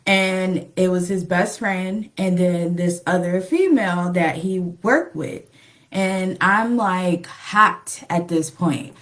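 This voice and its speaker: A woman's voice: lowish voice, slow. A young adult woman casually telling a personal relationship story, full of "like" and "um" and acted-out quotes. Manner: chatty, lots of "like" and "um", acts out quoted lines. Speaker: relationship vlogger.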